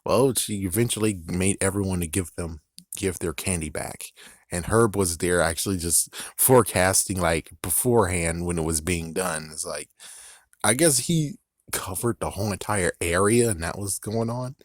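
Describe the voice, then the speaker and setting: A man with a very low voice rambles through a show recap. He swears freely and laughs along the way. He is recorded close up in a dead, dry room. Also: moderate pace, dry recording. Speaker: channel host recapping an episode. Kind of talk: casual recap vlog.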